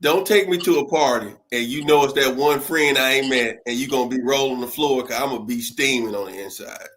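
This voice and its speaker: A man's voice: mid-range voice, a little fast, fairly bright tone, slight background noise. A man on a talk panel, joking in emphatic, slangy casual speech. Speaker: guest co-host.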